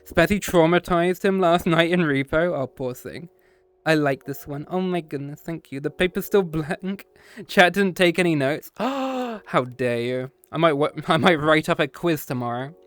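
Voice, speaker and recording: A man's voice: a little high, normal speed, smooth. A man streaming a casual chat with his viewers after a history lesson, playful and teasing, often slipping into meows and growls.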